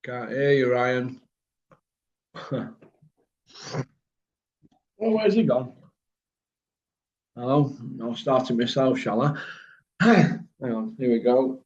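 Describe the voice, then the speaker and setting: A man with a Birmingham accent hosting a casual online chat, blunt and rambling, quick to laugh. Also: medium pitch, darkish tone. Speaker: host. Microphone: video call. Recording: muffled lo-fi video call audio.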